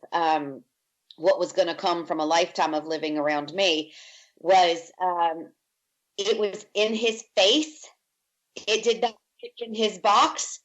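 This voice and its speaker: This Virginia woman's mid-range voice comes over a low-quality recording as she tells her life story as a podcast guest. She's a lively narrator who acts out other people's words.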